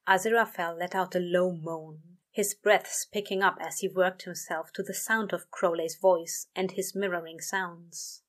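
A woman narrating a story aloud in a steady, measured way. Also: fairly low pitch. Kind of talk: reading fan fiction aloud.

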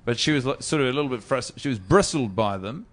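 A young adult man with a New Zealand accent tells a story as a podcast guest, rambling and self-deprecating, often restarting mid-sentence in casual chat. He talks fast and expressively, with a medium-pitched, fairly bright voice.

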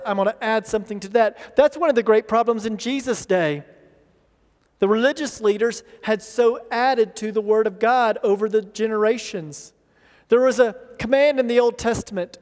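A man's voice: very high voice, darkish tone. A man preaching a sermon as pastor, earnest, acting out the voices he quotes and doubling words when he presses a point. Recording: long reverb of a large hall.

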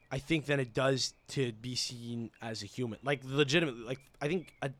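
A young man hosting a podcast, telling a story in an excitable, profane rant. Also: mid-range voice. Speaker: podcast host. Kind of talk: casual rant.

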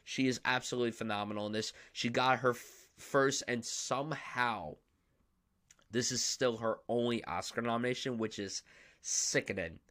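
A young man hosting a podcast talks through films casually, with enthusiasm and emphasis. His mid-range voice is a bit bright, and he keeps a moderate pace.

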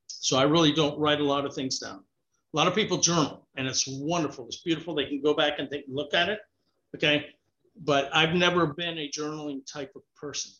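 An upbeat man speaking in a somewhat high, bright, forward voice. He gives friendly advice in a loose, encouraging way and keeps saying "you know". The sound is dull and lo-fi. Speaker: interview guest. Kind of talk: casual advice conversation.

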